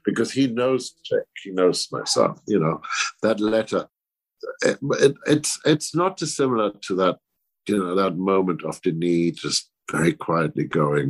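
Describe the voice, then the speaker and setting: A low, husky male voice with a breathy edge. He talks as an interview guest, halting and animated, circling back over his own words and playing down his part. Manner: halting, many restarts and repeated words; self-effacing, animated. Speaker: guest film composer. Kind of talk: conversational interview.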